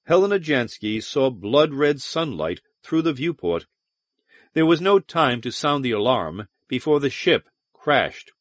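A man reading a science-fiction audiobook with dramatic flair, his pitch rising and falling widely. The sound is dry and close. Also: unhurried, dry recording. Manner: expressive, dramatic storytelling. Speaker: audiobook narrator. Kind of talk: scripted narration.

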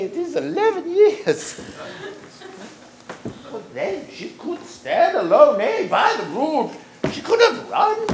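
A woman's voice: sits high, noisy background, full character voice. Woman playing the giggly old Nurse. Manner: rambling, laughs through her lines. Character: old chattering female nurse, bawdy and giggly. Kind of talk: amateur stage acting. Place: theater stage. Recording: roomy stage recording.

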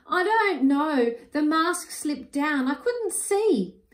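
A woman voicing an excited small boy who exclaims loudly. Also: high-pitched, slow, voice pushed up, exaggerated voice. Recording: roomy echo.

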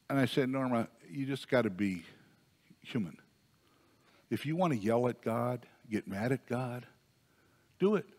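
A man preaching a sermon as pastor in a conversational way, rising to emphatic peaks. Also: fairly low pitch. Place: church sanctuary. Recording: long church reverb.

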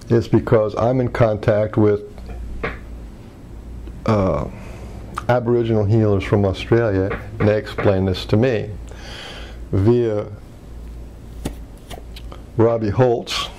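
A man's voice: fairly low pitch, fairly even intonation, slow pace, pauses often, warm tone, slight background noise. A man presenting a healing workshop lesson, talking in a rambling way with many restarts and fillers. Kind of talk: teaching commentary.

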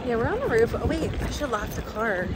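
A woman chatting casually and excitably as she films herself on the go, narrating her day. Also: fairly high pitch, fairly quick, very noisy. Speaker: vlogger. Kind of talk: casual vlog chat. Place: parking garage, cruise terminal and ship.

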